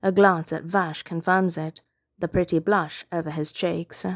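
Low-voiced woman narrating a story. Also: steady tone, a little slow, no room sound, studio quality. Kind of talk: reading fan fiction aloud.

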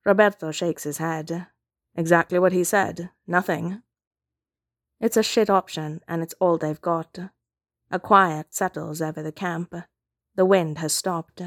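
Low-voiced woman reading a story. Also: fairly even intonation, a little slow, dry recording, clean studio sound. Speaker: narrator. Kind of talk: reading fan fiction aloud.

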